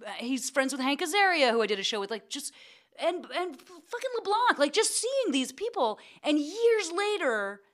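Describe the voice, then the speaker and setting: A middle-aged woman guest in a casual interview. She tells stories in a bright, forceful voice. She brings her quotes to life in an animated way. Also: moderate pace. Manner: animated, acts out quotes in a high excited voice. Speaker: guest actor.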